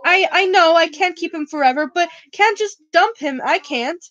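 Soft-hearted giant gamekeeper, doting and fretful, high voice from a lady reading the book, dull lo-fi mic. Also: normal speed.

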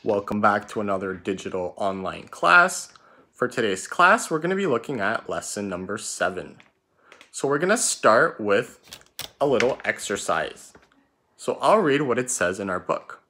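A man teaching an online spelling lesson, reading words slowly and spelling them out letter by letter. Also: fairly low pitch. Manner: slow, drawn-out letter-by-letter dictation; lively, up-and-down teacher intonation.

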